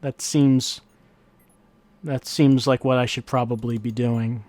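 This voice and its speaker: A man's voice: mid-range voice, steady tone, takes it slowly, a little mellow. A man giving casual gameplay commentary as host, wry and musing, thinking aloud as he plays. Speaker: let's-play host. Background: faint game music.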